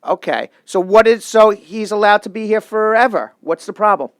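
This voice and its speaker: Male attorney host, high-pitched and emphatic, dry studio sound, fields callers' questions. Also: clean tone, no echo. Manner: emphatic, explains rapidly and repeats points. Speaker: immigration lawyer hosting a call-in show. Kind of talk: call-in legal advice show.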